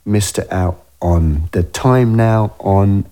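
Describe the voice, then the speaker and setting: A man's voice: low voice, extremely slow, mellow. A man hosting a radio show, chatting casually in a rambling way full of fillers, on a studio microphone.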